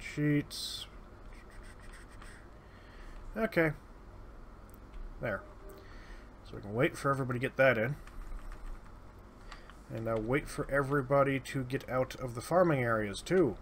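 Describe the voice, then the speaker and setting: A man's voice: medium pitch, unhurried, pauses often, slight background noise. A man giving casual, sardonic gameplay commentary, muttering his way through lists of items. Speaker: let's play host. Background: keyboard typing.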